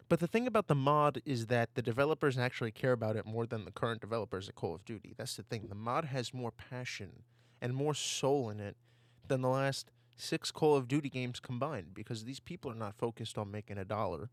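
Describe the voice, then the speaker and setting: A man's voice: mid-range voice, a little fast, no echo. A man ranting over gameplay footage on a desk mic, heated and given to repeating himself. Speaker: gaming YouTuber. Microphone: desktop mic.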